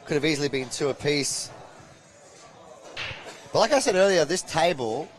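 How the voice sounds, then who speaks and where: Chatty pool commentator, playful. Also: male voice, on the high side, animated, normal speed, a little hiss or hum. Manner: chatty, playful banter, gives shout-outs to viewers. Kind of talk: live sports commentary. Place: commentary box at a pool venue.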